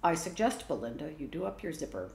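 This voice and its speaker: A woman playing a dry, unhurried father. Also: low-pitched, very animated, creaky, a little mellow, a little hiss or hum, exaggerated voice. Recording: roomy echo.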